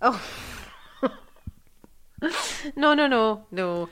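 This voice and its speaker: A woman's voice: a little high, extremely slow, clean tone. A woman co-hosting a family podcast, chatting casually and telling stories with frequent laughs. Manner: lively storyteller who laughs often. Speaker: podcast co-host. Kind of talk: casual chat.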